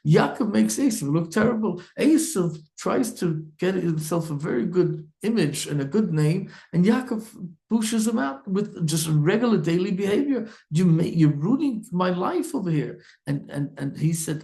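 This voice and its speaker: A man's voice: sits high, normal speed, creaky, few pauses. A man, a rabbi, telling a story in a sermon and acting out its characters with many restarts. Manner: animated storyteller, acts out characters, frequent restarts. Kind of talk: Torah talk, storytelling sermon.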